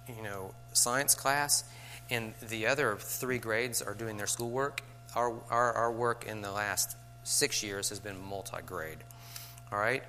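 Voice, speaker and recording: A man's voice: medium pitch, sharp tone, slight background noise. A middle-aged man, a teacher, talking to fellow teachers in a conversational way, with rhetorical asides and light chuckles.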